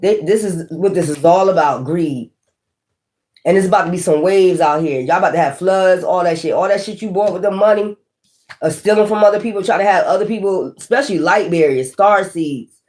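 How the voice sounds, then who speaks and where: A woman's voice: on the low side, darkish tone. A woman giving a tarot reading in a blunt, profane manner, laughing often and talking straight to the listener. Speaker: tarot reader.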